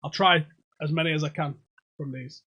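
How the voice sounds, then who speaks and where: A young man running a quiz livestream from home, all loose, jokey banter and swearing. His voice sits a touch high and rings bright and forceful on the desk mic. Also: steady tone, moderate pace, breathy edge. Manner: jokey, sweary, reads out chat comments. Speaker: pub quiz host. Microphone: desk microphone.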